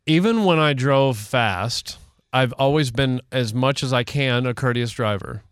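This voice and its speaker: A man's voice: medium pitch, measured pace, smooth, dry recording, clean studio sound. A man co-hosting a casual podcast, rambling a little and poking fun at himself, with frequent restarts. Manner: self-deprecating, rambling with restarts. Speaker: podcast co-host. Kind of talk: casual chat.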